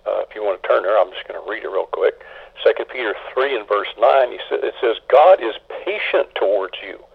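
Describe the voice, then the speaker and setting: Gravelly man preaching over a phone line. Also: fairly low pitch, animated. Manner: halting, with many restarts and fillers. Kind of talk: sermon. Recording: tinny phone-line sound.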